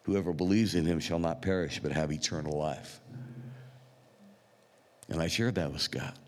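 A middle-aged man, a pastor, telling a personal story in a sermon in an unhurried, conversational way with pauses and fillers. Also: a bass voice, darkish tone, in a large hall. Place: church sanctuary.

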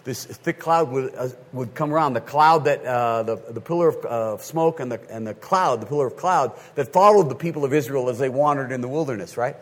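A male pastor preaching a sermon in an animated way, often checking in with his listeners. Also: medium pitch, fairly quick, few pauses.

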